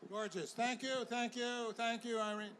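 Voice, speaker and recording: A man hosting a live outdoor event, stressing key points slowly and emphatically. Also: very high voice, steady tone, fairly bright tone, a little hiss or hum. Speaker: event host. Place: outdoor event in a city square.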